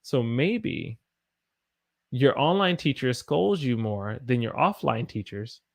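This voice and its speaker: A man's voice: medium pitch, sing-song, slow pace, gravelly. A man from the United States teaching English on a live stream, tired after a long day and encouraging as he reads out viewer sentences and corrects them.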